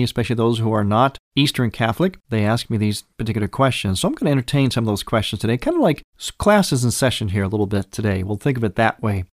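A male priest hosts a program and walks listeners through common questions in a calm teaching manner. His voice sits at an ordinary pitch, and the recording is close and dry with no room sound. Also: no echo. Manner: explanatory, measured, patient. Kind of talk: teaching talk on a religious program.

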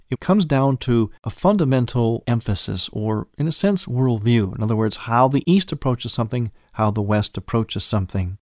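A male priest hosts a program and walks listeners through common questions in a calm teaching manner. His voice sits at an ordinary pitch, and the recording is close and dry with no room sound. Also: dry recording. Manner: explanatory, measured, patient. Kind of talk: teaching talk on a religious program.

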